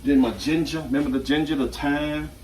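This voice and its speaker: A man hosting a casual home cooking video, talking in a relaxed, repetitive way as he works. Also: fairly high pitch, brisk, reverberant, very noisy. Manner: chatty and relaxed, repeats himself often. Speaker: home cook and channel host. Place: home kitchen at the stove. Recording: distant mic with loud sizzling from the pan.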